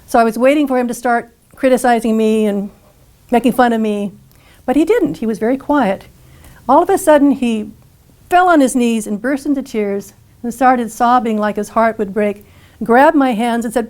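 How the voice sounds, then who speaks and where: Older woman, storytelling speaker, earnest and lively, slightly high voice. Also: moderate pace. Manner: earnest, animated retelling with acted dialogue. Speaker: speaker telling her life story. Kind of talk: personal storytelling talk.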